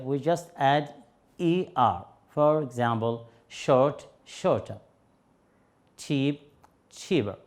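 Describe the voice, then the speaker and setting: A man with an Arabic accent teaching English grammar on television, explaining slowly and patiently with fillers and repeated examples. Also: a little high, a little mellow. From Yemen. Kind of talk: TV grammar lesson.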